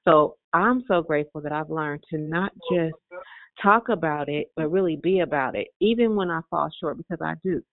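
A woman caller gives an earnest testimony on a prayer line, leaning on repeated phrases. Her voice carries a gravelly fry, and the sound is thin and phone-like. The call is dry, with no room sound. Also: deep voice, normal speed, no echo. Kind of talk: heartfelt testimony.

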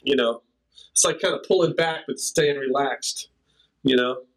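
A creaky, medium-pitched voice at normal speed, heard on poor audio, belongs to an older drummer who is an interview guest. He tells meandering stories in casual conversation, scatting drum rhythms and laughing.

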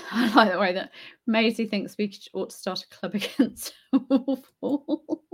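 A woman's voice: a little high, unhurried, husky. A woman hosting a live stream, reading out viewer comments and answering them in a thoughtful, hesitant way, with many fillers and restarts. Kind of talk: casual live Q&A talk. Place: home in Spain.

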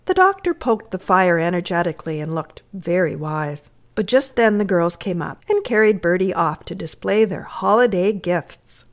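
A woman reading a short story aloud in a measured, expressive way. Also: lowish voice. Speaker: reader.

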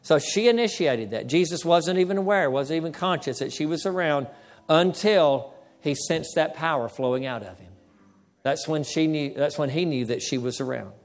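A man with a high-pitched voice delivers a sermon as a pastor. He calls out for amens from the congregation and slows his pace to lean on the words that matter. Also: expressive, long reverb tail. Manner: preaching with call-and-response, slowing to stress key words.

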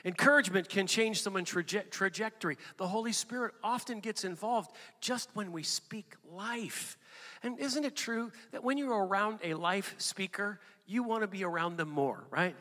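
A man preaching a sermon with animated delivery that swells into emphatic bursts. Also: high voice, moderate pace. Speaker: pastor. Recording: long hall reverb.

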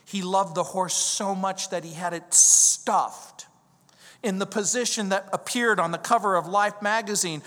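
A middle-aged man from Southern California, a pastor preaching a verse-by-verse sermon and telling stories with slow, emphatic stresses. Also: sits high, steady tone, pushed and bright. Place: church sanctuary. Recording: long reverb of a large hall.

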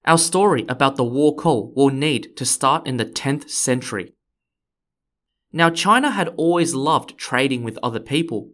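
A man's voice: medium pitch, a bit bright. A man, hosting a history podcast in friendly, explanatory scripted narration. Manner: friendly, explanatory, occasionally playful. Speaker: podcast host.

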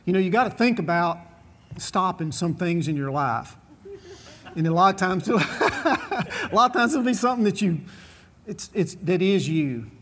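A man's voice: high-pitched, animated, moderate pace, long pauses, fairly bright tone. A man, a former bull rider telling a long folksy story to an audience, drawling and chuckling as he goes. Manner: drawling, chuckling, repetitive restarts.

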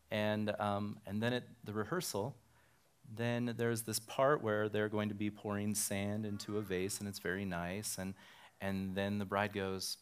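A man's voice: lowish voice, clear, resonant tone. A male pastor from Nevada with a tired voice, telling casual, self-deprecating stories in a sermon at a church on a handheld microphone. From Nevada, USA.

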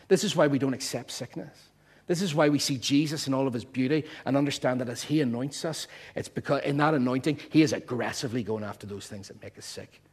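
A man's voice: medium pitch, slightly rough. A man preaching a sermon, emphatic and playful as he explains word meanings to his congregation.

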